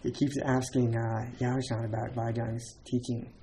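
A man's voice: medium pitch, little pitch movement, moderate pace, warm tone, a little hiss or hum. A man giving a dharma talk as a Zen teacher, casual and chatty, with many fillers and laughs between points.

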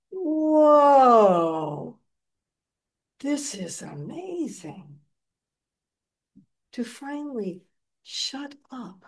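A woman giving a dharma talk as a meditation teacher, telling a story in an animated, gentle and reflective way. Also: fairly high pitch.

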